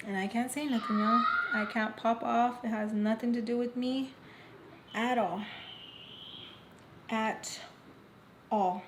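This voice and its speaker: A woman's voice: a little high, steady tone, normal speed, hardly any pauses. A woman vlogger telling a personal story to her viewers in a chatty, dramatic way. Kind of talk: casual storytime chat. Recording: echoey room with faint noise.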